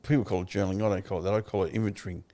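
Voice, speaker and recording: An older man with an Australian accent, a podcast guest telling his story candidly, blunt and quick to swear. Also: low-pitched. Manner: blunt, swears freely, animated retelling.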